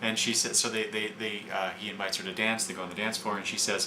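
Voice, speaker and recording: Brief: casual, halting comic reviewer, man, lowish voice, echoey room. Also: level tone. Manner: halting, with many fillers and restarts while summarizing. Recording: echoey room with background noise.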